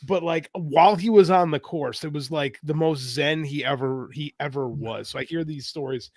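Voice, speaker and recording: A man's voice: fairly high pitch, normal speed, no echo, clean studio sound. A man co-hosting a podcast, chatting in a blunt, wry, profane way. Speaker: podcast co-host. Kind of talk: casual chat.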